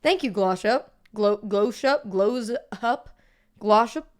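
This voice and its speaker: A young adult woman streaming, chatting casually and playfully, joking at her own expense and breaking into loud whoops. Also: medium pitch, takes it slowly. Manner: playful, self-mocking, bursts of loud whoops. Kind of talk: casual live-stream chat.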